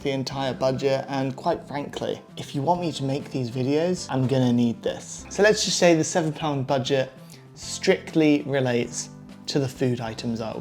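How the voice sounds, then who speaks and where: Male vlogger, casual chatty musing, mid pitch, light music bed. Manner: chatty, thinking out loud. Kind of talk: casual vlog chat.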